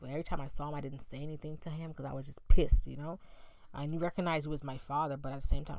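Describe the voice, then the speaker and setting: A woman's voice: low voice, a little fast, dry recording. A woman in her thirties candidly telling a personal story in a conversational way. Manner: candid and conversational, with many fillers and acted-out quotes. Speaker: speaker sharing a personal story.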